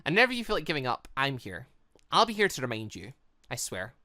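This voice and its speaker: A man reading the lines of a calm, protective young man in a visual novel, speaking softly and steadily. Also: medium pitch, fast talker, no room sound. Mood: reassuring. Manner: soft, steadying reassurance. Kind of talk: visual novel read-through.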